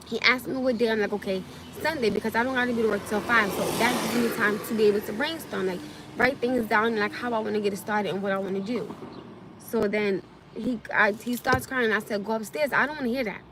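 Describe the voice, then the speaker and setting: A woman's voice: mid-range voice, steady tone, a little fast, background noise. A young woman, venting angrily and repetitively on a live stream from her parked car. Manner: angry, repetitive ranting. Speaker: livestreamer.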